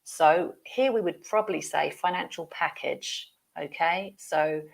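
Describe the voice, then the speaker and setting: A woman's voice: sits low, moderate pace, gravelly, hardly any pauses, slightly rough. A woman teaching business English, explaining phrases patiently.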